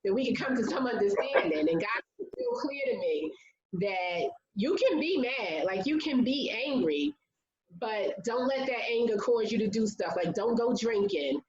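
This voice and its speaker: A woman's voice: fairly high pitch, sing-song, moderate pace, a little mellow, roomy sound, highs cut off. Earnest woman telling a personal story. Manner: earnest, conversational, many "like" fillers. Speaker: interview guest.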